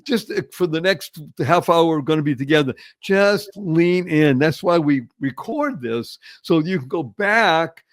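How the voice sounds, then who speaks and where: A man hosting a podcast, his voice sitting on the higher side. He talks with enthusiasm and puts a lot of emphasis into urging his listeners along. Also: expressive, measured pace, few pauses. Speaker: podcast host. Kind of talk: podcast interview.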